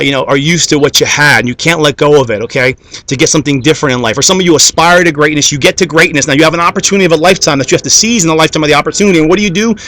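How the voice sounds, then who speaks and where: Here a motivational speaker addresses an audience in a bright, forceful voice on the high side. His delivery is preachy and repetitive, piling up parallel phrases while he keeps asking "okay?" and calling out "guys."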